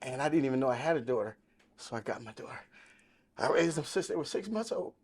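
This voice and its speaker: A man's voice: mid-range voice, expressive, fast talker, darkish tone, breathy edge. A man of sixty telling his life testimony in casual podcast talk, emphatic and storytelling, quoting the people in it. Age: 60s. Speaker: podcast guest.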